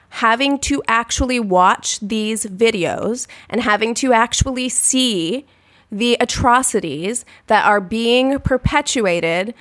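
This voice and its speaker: A woman co-hosting a podcast, speaking in a measured, thoughtful way and turning to address listeners directly. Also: medium pitch, fairly bright tone, dry recording, clean studio sound. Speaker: podcast co-host. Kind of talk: podcast discussion.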